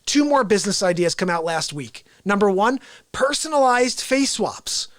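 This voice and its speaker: A man hosting a live-streamed casual talk show, excitable and salesy, talking straight to his viewers. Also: sits high, moderate pace, dry recording. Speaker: host.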